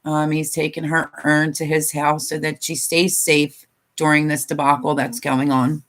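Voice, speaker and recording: Worn out and emotional, this older woman rambles on a casual live stream, full of fillers and at times near tears. She speaks at a normal speed in a deep voice with a level tone.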